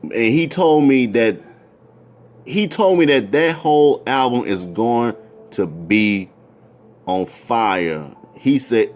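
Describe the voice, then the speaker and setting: A man in his thirties telling a personal story in a casual, rambling way, repeating himself and restarting his sentences. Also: slow. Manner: rambling, repeats words and restarts, jumps into high excited voices when quoting.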